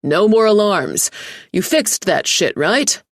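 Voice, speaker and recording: A woman voicing an arrogant, impatient male tech mogul who talks loud and dismissive. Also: mid-range voice, very animated, takes it slowly, no room sound, studio quality. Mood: curt.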